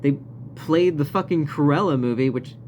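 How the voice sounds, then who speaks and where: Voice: mid-range voice, normal speed, darkish tone, muffled recording, a little hiss or hum. A vlogger telling a story in a casual, rambling rant, swearing often and laughing now and then. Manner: profane, rambling, frequent laughs.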